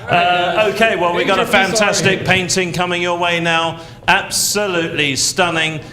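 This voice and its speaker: A man calling bids as auctioneer at a live art sale, with brisk showman patter. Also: sits high, fairly even intonation, crowd noise. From England.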